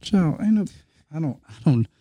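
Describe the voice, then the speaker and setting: A man's voice: a little high, lively intonation, moderate pace, dark tone, breathy edge, dry recording. A man co-hosting a podcast in casual chat, emphatic, laughing often and repeating himself as he makes a point. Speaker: podcast co-host.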